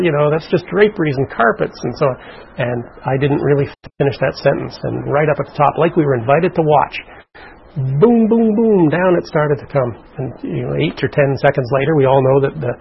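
A man's voice: fairly high pitch, brisk, gravelly, lo-fi sound, slight background noise. A man recounting a personal story in an interview, in an earnest way, acting out what people said. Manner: earnest storytelling, acts out quotes. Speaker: interviewee, survivor.

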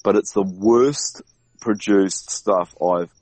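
A man as a guest in a casual conversation, talking in a rambling, halting way with many restarts. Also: on the low side, a little mellow, dry recording, rough recording. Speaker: podcast guest.

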